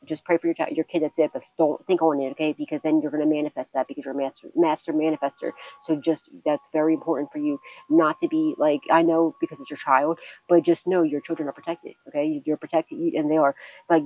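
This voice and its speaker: A woman's voice: deep voice, level tone, fast talker, warm tone, dull audio. A woman giving a tarot reading to her viewers. She talks bluntly and swears often, laughs a lot, and keeps repeating reassurances. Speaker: tarot reader and psychic.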